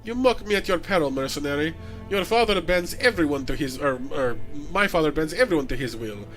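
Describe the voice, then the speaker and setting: A man's voice: on the high side, expressive, brisk, a bit bright, soft background music. A man putting on a sneering villainess with a Russian accent. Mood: sneering menace. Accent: vaguely Russian, put on. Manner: sneering, theatrical threats. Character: cold scheming female villain, noble cousin.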